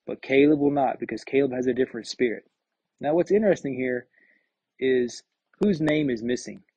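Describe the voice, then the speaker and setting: A man's voice: medium pitch, normal speed, mellow, husky, no echo. A man teaching a Bible study verse by verse, reading scripture aloud and then commenting, often repeating words as he gathers his thoughts. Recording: dull, lo-fi recording.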